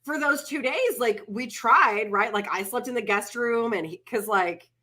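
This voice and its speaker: A woman's voice: fairly high pitch, measured pace, pushed and bright. A middle-aged woman co-hosting a casual chat show, telling a story with animation and acting out what people said. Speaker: podcast co-host.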